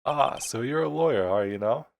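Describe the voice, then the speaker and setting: A man voicing a pompous, evasive older male lawyer in a slow, self-important low voice, over game music. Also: expressive, creaky, a little hiss or hum.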